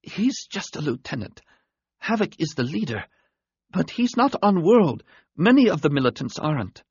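A man's voice: fairly high pitch, very animated, moderate pace, dry recording, muffled recording, voice pushed up, exaggerated voice. A man voicing a weak, dying alien. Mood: weak, urgent. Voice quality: weak, breathy.

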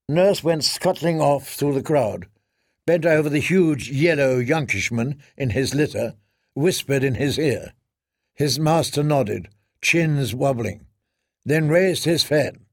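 Slow, gravelly male audiobook narrator. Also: medium pitch, no room sound, clean studio sound. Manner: measured, dramatic storytelling.

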